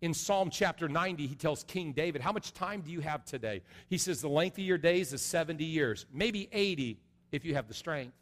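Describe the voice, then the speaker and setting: A middle-aged man preaching an earnest sermon as a pastor, going from soft and low to loud and high. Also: expressive, brisk. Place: large church sanctuary. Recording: long reverb of a large hall.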